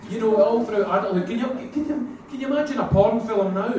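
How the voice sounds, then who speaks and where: High-voiced Scottish comic in an echoey venue. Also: male voice, fast talker, few pauses. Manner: crude, animated storytelling with put-on voices. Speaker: stand-up comedian. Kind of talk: stand-up comedy set. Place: live comedy venue with audience. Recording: echoey room, mic heard from far off, noisy.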